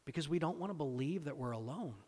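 A man with a fairly high voice delivers a sermon, posing questions to his listeners and driving points home through repetition. His words trail off into the long reverb of a big hall. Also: expressive, fast, warm tone. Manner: asks rhetorical questions and repeats phrases for emphasis. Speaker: pastor.

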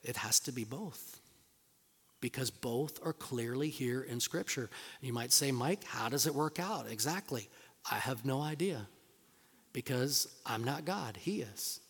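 A man's voice: medium pitch, expressive, measured pace, husky. A man preaching a sermon to his church, reading scripture aloud and building to emphatic, rising bursts. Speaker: pastor. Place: church sanctuary. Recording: long reverb of a large hall.

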